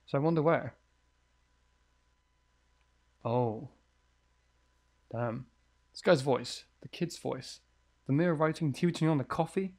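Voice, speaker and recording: A man's voice: mid-range voice, vocal fry. A man giving let's play commentary on a horror game, jumpy and thinking aloud, swearing often. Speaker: gamer playing a horror game.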